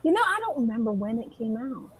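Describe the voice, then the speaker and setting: A woman's voice: on the high side, very animated, quick pace, breathy edge, no room sound. A woman co-hosting a livestream, reacting with short supportive replies in casual chat. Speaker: co-host of a livestream.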